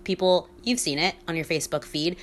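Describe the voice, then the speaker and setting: Low-voiced woman half-whispering a chatty podcast. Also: brisk, a little hiss or hum. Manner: candid, chatty, swears freely, laughs often. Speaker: podcast host. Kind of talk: casual solo podcast monologue.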